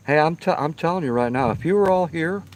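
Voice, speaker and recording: A man chatting casually with his live-stream viewers from outdoors by a firepit, emphatic and repeating himself for stress. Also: a little high. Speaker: live-stream host reading viewer comments.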